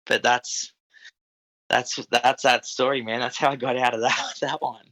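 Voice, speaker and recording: Laid-back Australian man, bright voice. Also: medium pitch, level tone, a little slow, low-quality recording. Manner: laid-back, swears often, frequent "dude" and "man". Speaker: podcast guest, equipment operator. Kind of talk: casual storytelling.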